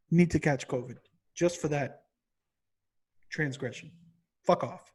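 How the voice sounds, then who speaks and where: A man with a slightly high, husky voice rants on a casual podcast. He swears constantly and gets more and more exasperated until he is yelling. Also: a little slow, long pauses. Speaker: podcast co-host. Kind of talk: profane comedic rant.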